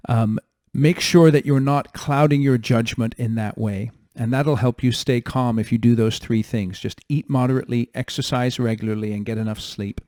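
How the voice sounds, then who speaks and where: Male podcast host, mid-pitched, dry close mic, firm coaching delivery. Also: mellow, dry recording. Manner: direct, coaching tone with numbered points. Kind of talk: solo advice talk.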